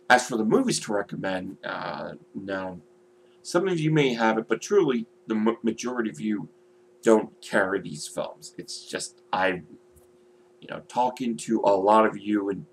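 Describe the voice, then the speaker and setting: A man's voice: on the low side, creaky, a little hiss or hum. A man vlogging casually, rambling and swearing, with many "you know" fillers. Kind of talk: casual video vlog.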